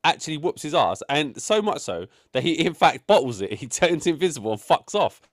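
A man's voice: a little high, very animated, a little fast, no room sound, clean studio sound. A man co-hosting a casual chat, giving blunt, sweary opinions with many fillers. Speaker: podcast co-host reviewing a film.

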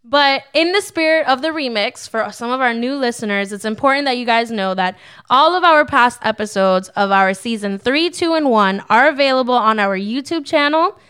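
A woman's voice: on the high side, expressive, normal speed, a bit bright, clear, resonant tone. A young adult woman co-hosting a casual Christian podcast, upbeat and a little preachy, laughing often. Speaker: podcast co-host. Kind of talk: casual faith-based podcast talk.

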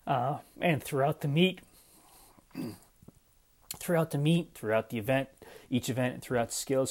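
A middle-aged man talking in a casual vlog, emotional and choked up, halting with many fillers. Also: medium pitch, darkish tone. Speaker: parent vlogger.

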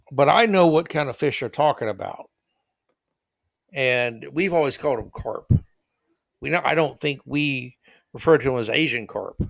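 A man hosting a solo opinion podcast, sarcastic and mocking, swinging from low mutters to loud jabs. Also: vocal fry, dry recording. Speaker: podcast host.

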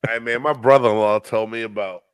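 A man's voice: lowish voice, fairly even intonation, brisk, clear, resonant tone, no echo, clean studio sound. A man from Texas co-hosting a podcast in casual chat, retelling stories in a laid-back way and laughing along. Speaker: podcast co-host.

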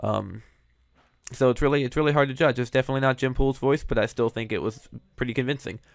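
A man's voice: mid-range voice, fast, vocal fry, no echo. A man hosting, giving casual, hedging commentary on cartoon voice recasts, with frequent fillers. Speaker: host reviewing voice recasts.

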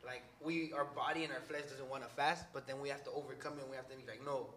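A young man sharing his faith in a casual group discussion, excitable and joking, rambling with many fillers. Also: medium pitch, fast talker, a little hiss or hum. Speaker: youth group speaker.

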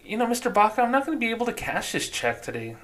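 A man putting on a soft, high-voiced polite bank teller. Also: big pitch swings, racing, exaggerated voice. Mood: apologetic. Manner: polite, soft and higher-pitched.

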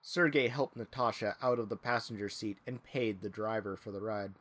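A man reading a story aloud to friends, slipping in dry, deadpan jokes. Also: lowish voice, moderate pace. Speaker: story reader.

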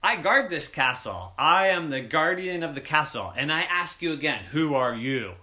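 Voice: medium pitch, expressive, normal speed, bright, forceful tone. A storyteller voicing a big, friendly kangaroo who guards a castle, talking in a bouncy, cheerful way in a bedtime story.

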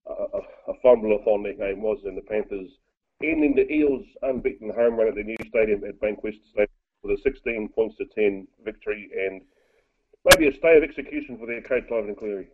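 A man's voice: fairly low pitch, fairly quick, husky. A man calling in to a sports talk show to give blunt, joking opinions on rugby league. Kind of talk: sports commentary chat. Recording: tinny phone line.

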